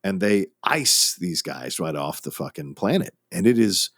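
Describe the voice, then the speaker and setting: Low lively man musing on films. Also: a little slow, dry recording, clean studio sound. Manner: musing, emphatic, profane. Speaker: podcast co-host. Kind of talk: casual film discussion.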